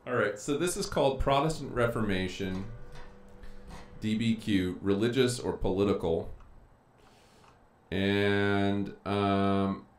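Deep-voiced male teacher, chatty live stream. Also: slow pace, long pauses. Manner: chatty, thinking aloud while clicking around. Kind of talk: casual live-streamed lecture. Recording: echoey room with faint noise.

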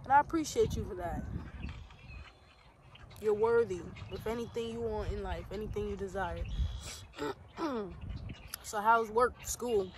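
This is a young woman's outdoor vlog in nature, a playful, casual chat aimed right at her viewers. Her medium-pitched voice moves a little slowly, with frequent pauses. It's recorded on an outdoor camera, with clear background noise.

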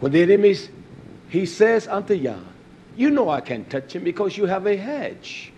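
High-voiced emphatic man preaching. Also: big pitch swings, moderate pace, slight background noise. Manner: emphatic, swinging between low asides and loud raised emphasis. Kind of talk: sermon.

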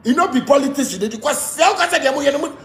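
Ranting Ghanaian man, gravelly and very high. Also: expressive, fast talker, fairly bright tone, reverberant, slight background noise. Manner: ranting, mixing pidgin and local language. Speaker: musician. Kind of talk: angry rant monologue.

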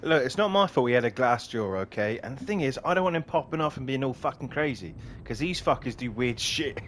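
A man's voice: medium pitch, expressive, brisk, fairly bright tone, a little hiss or hum. A man commenting casually on a game as he plays, swearing and laughing often. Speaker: gaming streamer. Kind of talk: casual let's-play commentary.

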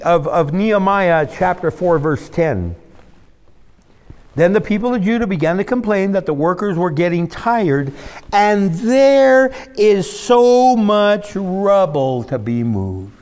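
A male pastor, preaching a sermon in an animated style that swings between loud and hushed. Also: sits high.

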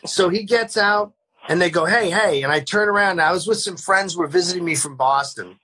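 A man on a remote call, telling animated anecdotes in casual storytelling style and acting out the people he quotes. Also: high-pitched, brisk, husky. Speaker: podcast guest. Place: home, remote video call.

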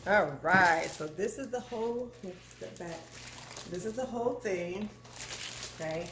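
A woman chatting casually to her viewers while unboxing in her home kitchen, animated and calling them "y'all". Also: mid-range voice, normal speed. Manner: animated, addresses viewers as "y'all", frequent "okay?". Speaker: cooking channel vlogger. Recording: echoey kitchen with clear background noise.

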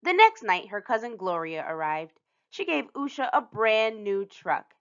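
Woman storytime reader, slow and animated, bright tone, lo-fi sound. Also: fairly high pitch. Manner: animated, playful sound effects. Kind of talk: read-aloud children's storytime.

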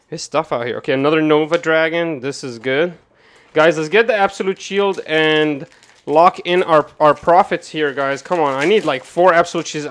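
Excitable rambling man opening card boxes. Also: fairly high pitch. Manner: rambling, excitable, swears, jumps from calm to loud rants. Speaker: card game streamer. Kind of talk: casual pack-opening commentary to chat.

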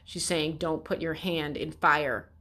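A woman's voice: low-pitched, fairly even intonation, unhurried, sharp tone. A woman reacting to an article, sarcastic and exasperated, swearing often. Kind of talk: ranting commentary.

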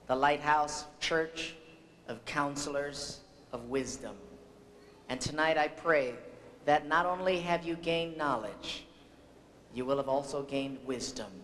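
Male pastor, graduation invocation, folksy storyteller, earnest, higher voice, long hall reverb. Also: a bit bright, a little hiss or hum. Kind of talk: invocation sermon with a told story. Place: large graduation ceremony venue. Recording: old worn videotape, long hall reverb.

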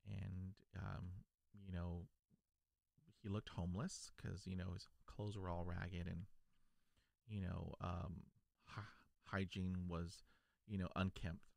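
Creaky-voiced man who stutters. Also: sits low, level tone, darkish tone, no echo. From South Texas, USA. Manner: stutters, with repeated words and broken starts; earnest, slow and reflective. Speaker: video creator. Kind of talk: personal storytelling to camera.

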